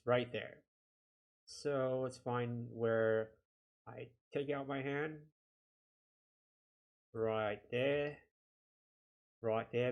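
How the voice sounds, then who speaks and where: In a mid-range voice, a man walks through a casual video editing tutorial, narrating each click to himself in a chatty, self-deprecating way.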